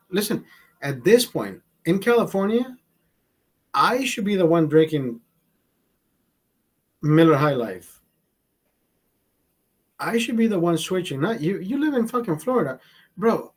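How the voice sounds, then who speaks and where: His voice is fairly high-pitched and slightly rough. He's hosting a casual livestream from a California home setup, rambling, swearing nonstop, and talking with his viewers.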